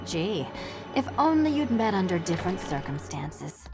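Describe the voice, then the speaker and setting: Brief: a wry, teasing game cat burglar with a lowish voice. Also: female voice, big pitch swings, normal speed, vocal fry, over music. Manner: dry, teasing. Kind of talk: video game voice acting.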